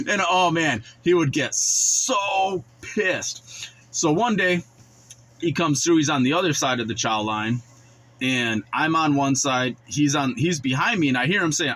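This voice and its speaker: A man's voice: a little high, measured pace, a bit bright, low-quality recording. A man in his forties telling a story in a blunt, colloquial, casual way. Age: 40s. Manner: blunt, colloquial, acts out quoted voices. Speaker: vlogger.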